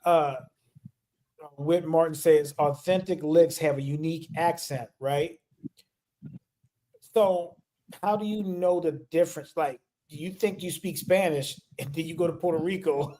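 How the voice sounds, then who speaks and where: A man with a slightly raised voice, co-hosting a casual livestream panel about music. He is an animated storyteller who laughs his way through his tales. He talks over a remote call mic. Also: on the high side, a little slow. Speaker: music teacher and co-host.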